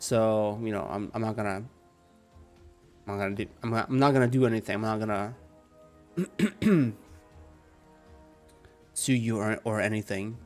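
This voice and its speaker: A young man with a calm, soft-spoken manner chatting casually with viewers while playing a game at home. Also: on the low side, moderate pace, pauses often, faint music behind. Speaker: gaming streamer. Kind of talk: casual live game commentary. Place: home room.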